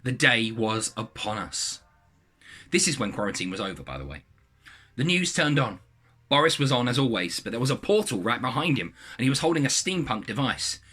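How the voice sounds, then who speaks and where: Guy reading a kid's story out loud, super bright voice, bit husky. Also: medium pitch, fairly quick. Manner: lively, animated reading. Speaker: reader of a submitted story.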